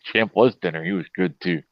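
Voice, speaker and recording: A middle-aged man from Pennsylvania hosts a casual chat, rambling through long, profane farm stories full of anecdotes. His voice is low and his pace normal. The recording sounds dull, lo-fi, and dry, with no echo.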